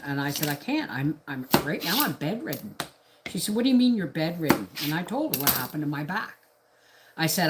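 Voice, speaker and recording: Indignant rambling woman, lowish voice. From Canada. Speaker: homestead vlogger on a live stream. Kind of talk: casual ranting monologue.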